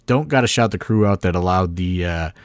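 A man with a low voice co-hosts a casual podcast chat, recorded close and dry on a mic. He rambles through backstage stories with plenty of fillers and the odd curse. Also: a little fast, no room sound. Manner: rambling, filler-heavy storytelling with mild swearing. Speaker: podcast co-host, wrestling promoter.

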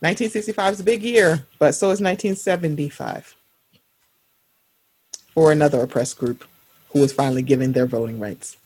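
A woman in her thirties hosts a casual podcast, lively and animated, frequently switching to high-pitched voices when quoting people. Her voice is husky. She talks a little fast and pauses often.

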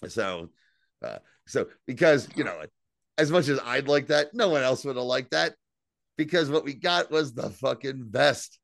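A man co-hosting a podcast, casually and excitedly recapping scenes, swearing freely and quoting lines. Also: mid-range voice, a little slow, creaky, no echo, studio quality. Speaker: podcast co-host. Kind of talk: casual chat.

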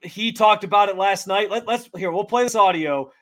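High-voiced stammering sports co-host. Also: male voice, moderate pace, fairly bright tone. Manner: stammering, joking, restarts a lot. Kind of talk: casual sports talk.

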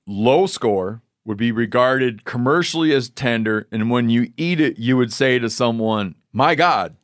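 A man hosting a casual podcast chat, joking around and talking fast in bursts. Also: medium pitch, no echo, clean studio sound. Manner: jokey, talks fast in bursts. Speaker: podcast host.

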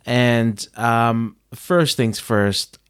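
A man's voice: mid-range voice, fairly even intonation, drawn-out words, slight background noise. A man co-hosting a casual reaction chat, gushing and enthusiastic. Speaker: podcast co-host.

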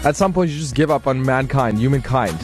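A man's voice: medium pitch, fairly quick, faint music behind. A man hosting a call-in radio show, playful and teasing, laughing often. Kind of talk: casual call-in radio chat. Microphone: studio microphone.

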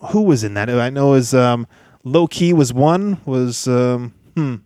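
A man hosting a podcast in a lively, chatty monologue, joking and laughing as he talks. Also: mid-range voice, unhurried, no echo, studio quality. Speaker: podcast host.

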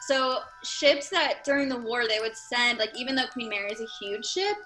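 Woman podcast host rambling thru a history story, super bright voice. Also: fairly high pitch, moderate pace, faint music behind, rough recording. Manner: chatty, loose, lots of fillers while narrating. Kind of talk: casual chat, telling a history story.

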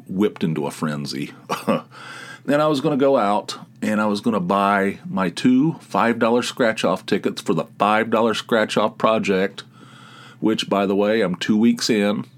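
A man hosting his own podcast, telling rambling, animated stories in casual chat and laughing at them. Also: low-pitched. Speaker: podcast host. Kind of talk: casual solo storytelling.

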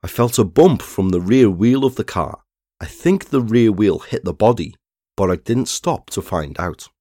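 Low-voiced man narrating true crime. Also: expressive, dark tone, no room sound, studio quality. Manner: measured, reads statements aloud plainly.

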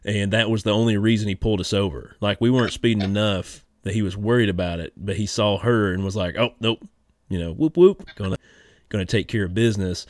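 A man's voice: lowish voice, steady tone, fast, no echo, clean studio sound. A man hosting a podcast, telling stories in a laid-back way and laughing often. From Kentucky. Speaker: podcast host. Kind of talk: casual podcast chat.

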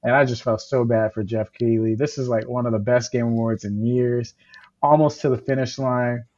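A young man co-hosting a casual podcast chat, animated and joking, laughing often. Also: medium pitch, moderate pace, highs cut off, slight background noise. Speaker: podcast co-host.

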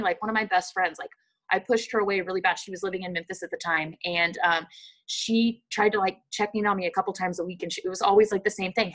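A young woman from the rural United States recounting a personal loss in a halting testimony full of fillers and restarts. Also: medium pitch, fairly even intonation, fairly bright tone, poor audio.

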